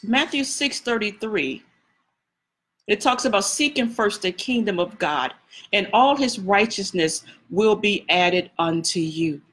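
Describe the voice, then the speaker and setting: With a medium-pitched, slightly bright voice, a prophetess preaches in an animated but unhurried way. She talks to the congregation directly, repeating phrases and dropping asides as in conversation.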